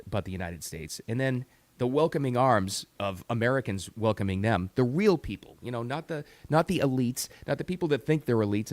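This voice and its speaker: A man's voice: on the low side, dry recording. A middle-aged man hosting a talk radio show, giving an emphatic, opinionated monologue that repeats words for stress.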